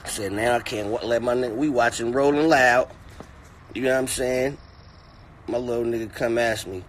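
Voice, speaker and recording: A man's voice: mid-range voice, moderate pace, slight background noise. Man ranting mockingly in a car. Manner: mocking, animated, repetitive. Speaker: comedic commentator. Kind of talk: profane comedic rant.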